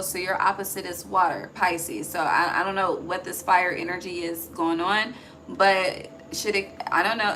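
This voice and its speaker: A woman's voice: on the low side, sharp tone, a little hiss or hum, low-quality recording. A woman giving a casual, intuitive tarot reading, chatty and profane, often checking in with "okay?", recorded on her phone. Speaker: tarot reader.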